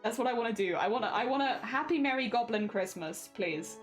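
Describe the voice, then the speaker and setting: A woman's voice: a little high, lively intonation, brisk, soft background music. A woman livestreamer chatting casually with viewers while crafting, giggly and rambling, laughing often.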